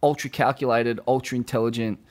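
A man chatting casually as host, relaxed, profane and a little hesitant. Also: medium pitch, brisk. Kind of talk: casual chat.

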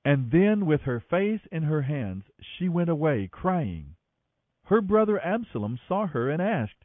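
A man narrates scripture in an animated, expressive reading style. His voice sits a touch high and moves widely in pitch. The sound is thin and phone-like, with a dry, close feel. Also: a little slow, dry recording. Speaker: Bible reader, podcast host. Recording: tinny phone-like audio, dry.

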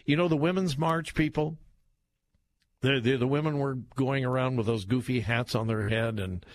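A male radio talk show host giving political commentary, mocking and laughing as he talks, stretching his words for emphasis. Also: mid-range voice. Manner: mocking, laughs while talking, drawn-out emphatic delivery. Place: radio studio. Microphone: studio microphone.

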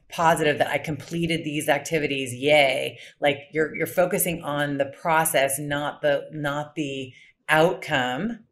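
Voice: mid-range voice, fairly bright tone. A podcast host in casual conversation, enthusiastic and rambling, often restarting phrases while thinking aloud. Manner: enthusiastic, rambling, repeats words as thoughts form.

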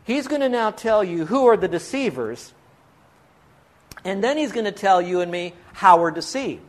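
Man, pastor, sermon, high voice, earnest, pleading, rhetorical questions. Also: big pitch swings, moderate pace.

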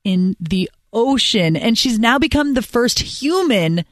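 A woman co-hosting a casual show, telling a news story with playful asides and animated storytelling. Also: fairly high pitch, a little slow, dry recording, studio quality. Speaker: co-host. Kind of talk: casual radio show banter.

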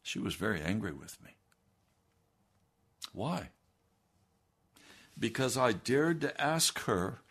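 A man preaches a radio sermon in a low voice. He speaks slowly and deliberately. His delivery is earnest, and his emphasis rises as he presses his points. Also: big pitch swings, a bit bright, breathy edge. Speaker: pastor. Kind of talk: broadcast sermon.

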